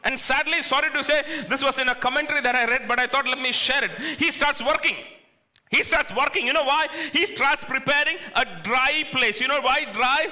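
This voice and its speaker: A man's voice: very high-pitched, pushed and bright. A man pastor preaching a conversational sermon in a church, asking the congregation questions. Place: church sanctuary.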